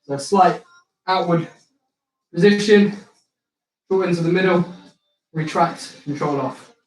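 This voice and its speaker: Man, fitness instructor, cheerful coaching cues, slightly high voice, roomy echo. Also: a little slow. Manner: upbeat, instructive cueing with banter. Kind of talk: live online circuit class coaching. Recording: echoey room.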